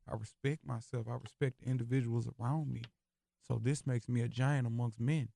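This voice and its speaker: A man speaks in a gravelly, creaky voice. He sounds emphatic and philosophical, often repeating phrases for stress. He is a guest in a dry radio studio. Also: medium pitch, mellow, no echo. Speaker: rapper guest. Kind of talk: radio interview conversation. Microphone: studio microphone.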